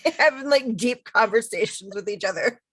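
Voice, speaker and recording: A woman co-hosting a podcast in relaxed casual chat, laughing along. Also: a little high, fairly quick, no echo. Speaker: podcast co-host. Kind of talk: casual chat about a TV comedy.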